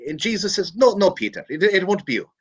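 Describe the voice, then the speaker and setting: A man's voice: high voice, very animated, fast, husky, pitched above the performer's own voice, full character voice. A man voicing a sly, defiant old Irish priest with a put-on Irish accent and a lilting preacher's delivery. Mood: mock preaching.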